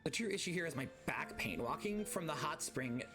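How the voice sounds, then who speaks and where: A man's voice: fairly high pitch, lively intonation, fairly quick, music in the background, lightly acted. A man reading the lines of a sly, folksy middle-aged woman wanderer with a bad back, in a drawling, teasing way. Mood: weary.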